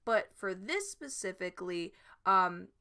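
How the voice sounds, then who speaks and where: A woman's voice: mid-range voice, expressive, measured pace, sharp tone. A woman vlogger chatting casually about her game build, rambling and giggly with frequent restarts. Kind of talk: casual chat.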